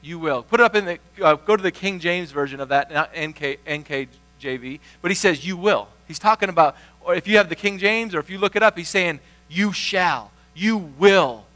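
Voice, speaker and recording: A man's voice: high voice, normal speed, pushed and bright. A middle-aged man preaching a sermon as pastor, rambling through folksy asides and then building to emphatic, repeated phrases.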